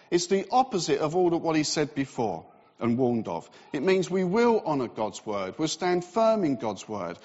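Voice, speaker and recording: A man preaches in a relaxed, conversational way, with fillers and self-deprecating asides. His voice sits fairly high for a man. The long reverb of a church building hangs on his words, and the sound is slightly dull. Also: normal speed. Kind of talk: sermon.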